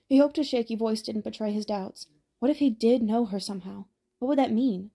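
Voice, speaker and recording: A woman narrating an audiobook in a steady, even storytelling manner. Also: mid-range voice, brisk, gravelly.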